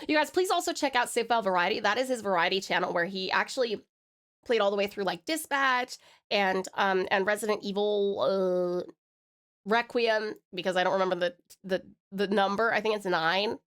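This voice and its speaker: A woman from Australia chatting casually on a live stream, rambling and giggly with lots of fillers, and her throat a little hoarse. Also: mid-range voice, moderate pace, a bit bright. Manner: rambling, giggly, loopy, with many fillers and restarts. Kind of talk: casual live-stream chat reading viewer messages.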